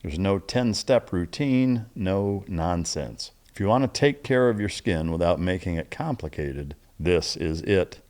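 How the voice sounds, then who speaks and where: A man's voice: low-pitched, expressive, measured pace, hardly any pauses, darkish tone. A male podcast host reading a plain, straightforward sponsor ad and asking easygoing interview questions. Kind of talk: interview and ad read.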